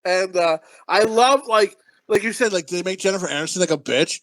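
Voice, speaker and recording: Slightly high man retelling movie scenes. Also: fairly quick, a bit bright, dry recording. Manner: loose, profane retelling of scenes. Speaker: podcast co-host. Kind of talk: comedic movie review chat.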